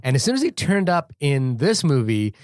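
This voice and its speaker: A man's voice: on the high side, very animated, normal speed, a little mellow, no echo. Opinionated man, podcast co-host, dry mic. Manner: opinionated, stammers on restarts. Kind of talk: casual movie chat.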